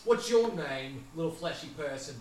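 A man's voice: fairly high pitch, animated, moderate pace, darkish tone, far from the mic, slight background noise, natural voice. A man voicing a chatty, offbeat alien who rambles off on jokey tangents. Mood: rambling. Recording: very echoey room, voice off-mic.

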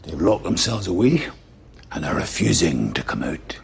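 A gravelly Irish crime boss. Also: male voice, sits low, sing-song, moderate pace, exaggerated voice. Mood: menacing. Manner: quiet, menacing delivery. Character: aging male crime boss running things from a pub. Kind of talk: film dialogue.

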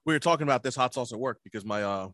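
A man's voice: medium pitch, rapid-fire, fairly bright tone, dry recording. Podcast guy telling stories, swears a lot, voice jumps up when he quotes people, dry close sound. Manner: profane storytelling, acts out quoted people in a raised voice. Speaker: podcast co-host. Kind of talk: casual chat.

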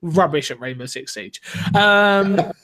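A man's voice: fairly high pitch, expressive, takes it slowly, sharp tone. A young man hosting a gaming podcast, chatty and rambling in a casual way. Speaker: podcast host.

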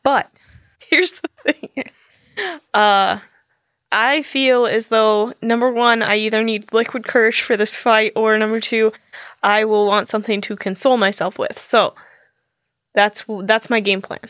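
A woman's voice: fairly high pitch, steady tone, a little slow, fairly bright tone, no echo, clean studio sound. A woman in casual podcast chat, wry and explaining things to listeners. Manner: wry, explaining fun facts. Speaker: podcast player.

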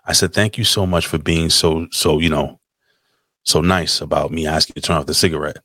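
A man's voice: rumbling low, fairly even intonation, a little fast, fairly bright tone, dry recording. A young man on a podcast, telling a rambling, profane story in casual chat. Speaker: podcast host.

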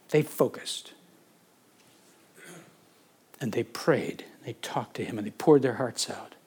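A male pastor preaching a sermon and leading prayer, fervent, building from quiet talk to urgent pleading and repeating phrases for emphasis. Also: mid-range voice, slightly rough.

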